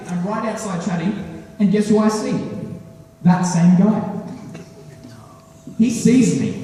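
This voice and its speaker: A teenage boy performing a stand-up routine at a school talent show, animated and acting out characters. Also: high voice, a little hiss or hum. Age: teens. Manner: animated, acts out characters with voice changes. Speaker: student stand-up comic. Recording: echoey school hall recorded from far off.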